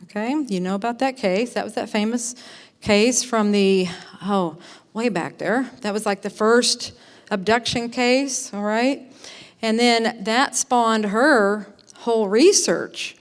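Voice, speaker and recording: A woman's voice: fairly high pitch, takes it slowly. A woman stands before a conference audience and introduces the next speaker. She talks in an eager, meandering way, stacking fillers and false starts as she builds up to the introduction. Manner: rambling, excited, many fillers and restarts. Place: conference hall, in front of an audience.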